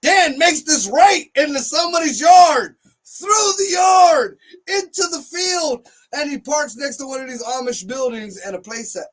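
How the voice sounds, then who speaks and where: A man telling a profane comic story on a talk show, loud and animated, acting out what others said. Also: extremely high pitch, unhurried. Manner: animated, loud, swears heavily, acts out quotes.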